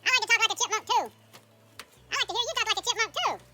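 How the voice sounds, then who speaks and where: A man talking in a sped-up, squeaky chipmunk voice, teasing and playful as he banters. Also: fast. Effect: sped-up high pitch.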